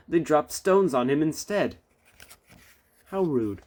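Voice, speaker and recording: A man's voice: medium pitch, animated, unhurried, long pauses, a little mellow. Man reading a children's storybook aloud. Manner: storyteller tone with chatty asides. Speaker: storybook reader.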